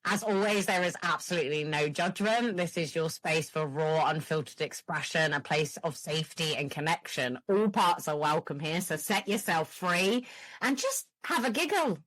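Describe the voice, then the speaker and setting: A woman's voice: deep voice, normal speed, dry recording. Woman telling a story. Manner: animated storyteller, frequent laughs, swearing. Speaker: podcast host. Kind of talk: casual chat.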